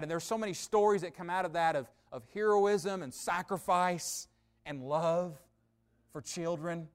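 A male preacher delivering a sermon, telling a story with dramatic pauses and a voice that swells louder and drops quieter. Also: sits high, smooth.

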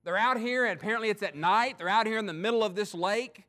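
A man with a high-pitched voice delivers a sermon to a congregation. He preaches earnestly and emphatically, pushing some points hard and letting others drop low and slow. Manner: earnest, emphatic preaching with swings in loudness and pace. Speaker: pastor.

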